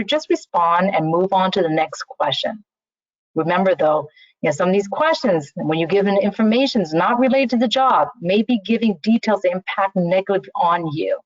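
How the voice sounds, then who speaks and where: A woman's voice: mid-range voice, dry recording. A woman recruiter speaking casually in a webinar, often saying "you know" and restarting her sentences. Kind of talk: webinar talk on interview skills. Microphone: video call. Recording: slightly muffled, dry online call audio.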